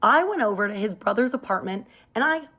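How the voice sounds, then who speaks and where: A young woman telling a personal story in a casual storytime, lively and jumping up in pitch when she quotes people, on a phone mic. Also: brisk, husky.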